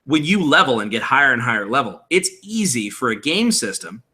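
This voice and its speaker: Man, thirties, tutorial host, casual explainer, bright forceful voice. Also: medium pitch, very animated, fairly quick. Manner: casual, explanatory, reads chat aloud. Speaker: tabletop game host. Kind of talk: live-streamed tutorial chat.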